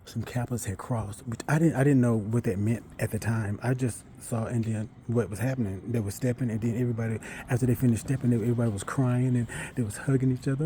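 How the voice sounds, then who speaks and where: A man telling a long, rambling personal story in a chatty way, with asides and self-corrections, sometimes dropping to a hush. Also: medium pitch, steady tone, fast, few pauses, a little hiss or hum.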